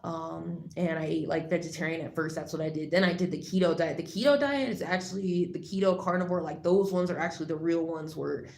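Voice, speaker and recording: A woman talking casually to the camera, rambling with lots of fillers and restarts, turning loud and heated as she rants. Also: on the low side, fairly even intonation, fairly quick, gravelly, hardly any pauses. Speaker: vlogger. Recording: echoey room, faint background noise.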